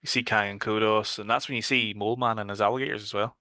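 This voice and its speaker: A man's voice: lowish voice, steady tone, fast talker, bright, forceful tone. A man with a Northern Irish accent, co-hosting a casual horror podcast chat, swearing freely and loosely. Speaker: podcast co-host.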